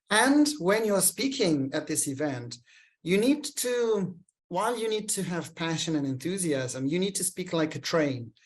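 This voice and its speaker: A man hosting a show, giving energetic, emphatic coaching on public speaking. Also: a little high. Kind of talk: coaching monologue.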